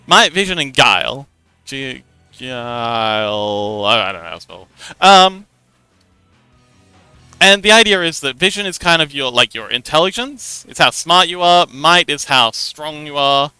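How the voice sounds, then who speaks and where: A man's voice: on the high side, expressive, normal speed, bright, forceful tone, smooth, no room sound, faint music behind. A young man hosting a livestream, casually explaining how a tabletop game works, giggling and rambling with lots of restarts. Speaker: livestream host.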